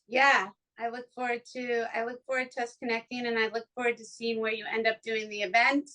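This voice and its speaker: A woman's voice: on the high side, sharp tone, rough recording. A woman hosting a podcast from her home studio, chatting casually in an effusive, emotional way, with many restarts. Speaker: podcast host. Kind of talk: casual chat.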